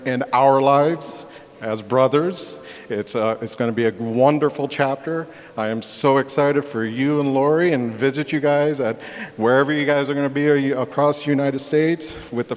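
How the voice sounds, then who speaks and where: A man giving a toast to his retiring brother, joking yet heartfelt and laughing between words. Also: medium pitch. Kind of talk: banquet toast. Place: banquet hall. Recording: echoey banquet hall with crowd murmur.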